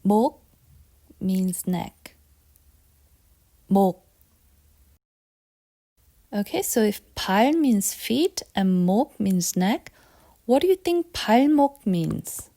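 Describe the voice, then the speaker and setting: A woman's voice: medium pitch, sing-song, takes it slowly, pauses often, warm tone. A woman teaching vocabulary at a patient pace, repeating words and quizzing the listener. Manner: patient and repetitive, asks quiz questions. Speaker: Korean language teacher. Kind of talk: lesson.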